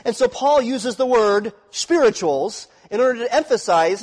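A man's voice: very high-pitched, animated, normal speed, few pauses, long reverb tail. A man preaching an expository sermon, teaching and often checking in with his listeners. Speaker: pastor.

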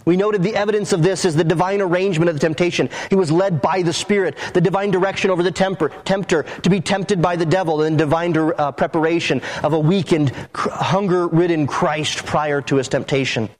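A male pastor preaching a sermon emphatically, slowing and dropping low on key phrases, with occasional restarts. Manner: emphatic, with dramatic drops in pitch and occasional restarts.

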